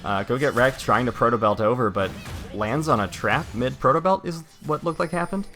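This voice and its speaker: A man's voice: mid-range voice, brisk, fairly bright tone, soft background music. A man calling play-by-play for an esports match, describing fights as they happen.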